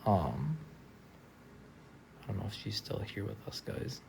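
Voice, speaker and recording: Tired, gravelly low-voiced man on stream. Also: sing-song, measured pace, background noise. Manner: tired, soft-spoken, trailing off with many fillers. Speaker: livestreamer. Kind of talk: casual live stream chat. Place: friend's house, indoors.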